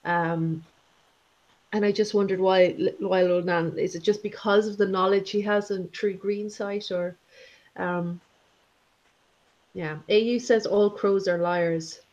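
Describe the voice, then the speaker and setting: Halting woman chatting about a book. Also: medium pitch, steady tone, darkish tone, dull audio. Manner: halting, many fillers and restarts. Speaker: book discussion co-host. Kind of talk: casual book discussion.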